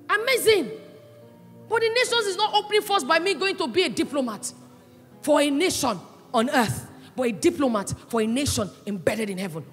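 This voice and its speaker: A woman pastor preaching a sermon with passion, swinging between loud cries and hushed asides. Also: high-pitched. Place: church hall. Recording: echoey church hall, with faint music.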